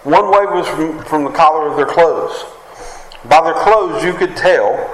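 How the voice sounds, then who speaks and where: West Virginian preacher calling out "Amen?". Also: male voice, on the high side, a little slow, a little hiss or hum. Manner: preaching with frequent "Amen?" calls to the congregation. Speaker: pastor. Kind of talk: sermon. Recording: echoey room with faint ambience.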